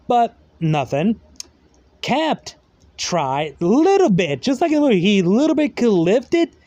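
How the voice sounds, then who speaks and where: A man's voice: sits high, a little mellow, no echo. A man casually retelling a fan story in a rambling way, full of fillers and loose grammar.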